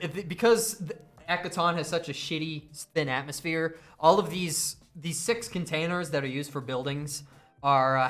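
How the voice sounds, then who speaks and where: A man narrating a tabletop role-playing game as game master, in a loose, swearing way with quick asides. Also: on the high side, fairly bright tone.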